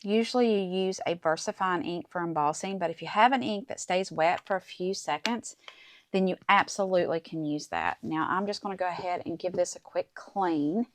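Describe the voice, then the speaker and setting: A woman's voice: on the low side, moderate pace, no echo. A middle-aged woman hosting a casual crafting tutorial at her desk, chatting to viewers as she works. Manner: chatty, talks to viewers while working, says "guys" and "okay?". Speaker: crafting channel host.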